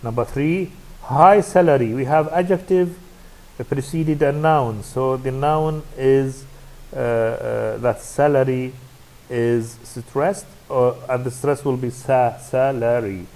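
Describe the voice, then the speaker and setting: A man's voice: medium pitch, slow pace, dark tone, poor audio. A male university English lecturer with an Iraqi Arabic accent, a native Arabic speaker, giving a recorded classroom lecture that is hesitant and full of fillers. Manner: hesitant, many fillers and restarts.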